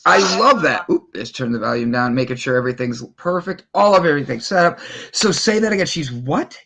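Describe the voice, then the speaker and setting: A man from Ohio hosting a live morning chat show, upbeat with showy, drawn-out greetings. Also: medium pitch, animated, vocal fry, sharp tone. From Cleveland, Ohio. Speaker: host.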